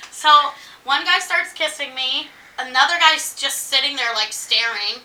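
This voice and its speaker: High bright-voiced woman telling a story, echoey room, a bit off mic. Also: normal speed, far from the mic. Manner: animated storyteller acting out quotes. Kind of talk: casual chat.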